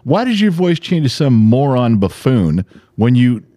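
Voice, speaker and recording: A man in his forties or fifties co-hosting a podcast, bickering with his wife in an exasperated, animated way and swearing now and then. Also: mid-range voice, measured pace, no room sound, clean studio sound. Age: 40s to 50s. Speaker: podcast co-host. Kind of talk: bickering casual chat.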